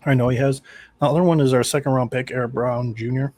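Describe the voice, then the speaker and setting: A man's voice: medium pitch, fairly even intonation, fast talker, darkish tone. A man co-hosting a casual sports podcast, telling stories and teasing his friends in an easygoing way. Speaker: podcast co-host.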